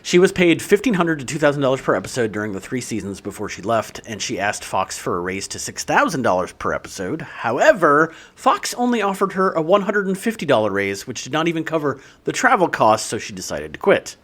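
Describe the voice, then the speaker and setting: A man's voice: mid-range voice, big pitch swings, fairly quick, few pauses, fairly bright tone. A man hosting a podcast, reading facts from his notes in casual chat and laughing easily. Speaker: podcast host reading trivia.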